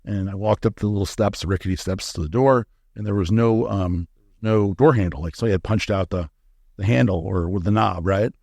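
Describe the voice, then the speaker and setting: A man's voice: on the low side, fairly quick, gravelly, darkish tone, dry recording. A man as a podcast interview guest, telling a candid story in a frank, profane way with many fillers and restarts.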